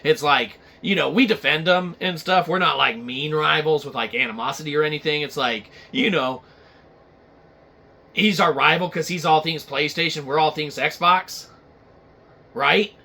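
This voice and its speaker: A man's voice: fairly high pitch, normal speed, gravelly, sharp tone, slightly rough. A man hosting a comedy show, ranting crudely and rambling with lots of swearing. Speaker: show host. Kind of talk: profane comedic rant.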